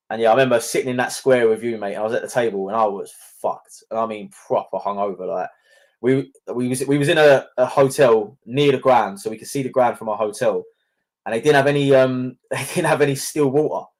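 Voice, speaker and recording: A man speaks fast in a relaxed podcast chat. He tells anecdotes full of swearing and laughs along as he goes. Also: mid-range voice. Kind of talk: casual chat.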